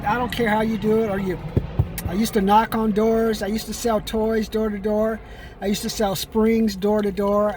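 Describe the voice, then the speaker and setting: Middle-aged male vlogger, high-pitched, loose streetwise delivery with a soft hum behind him. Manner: loose, streetwise, repeats "man" often. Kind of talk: casual rambling monologue.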